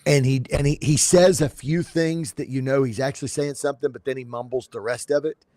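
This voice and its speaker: A podcast co-host with a mid-range voice chats casually and briskly about sports, recorded in studio quality with no room sound. He's animated, restarts often, and breaks into playful comic impressions.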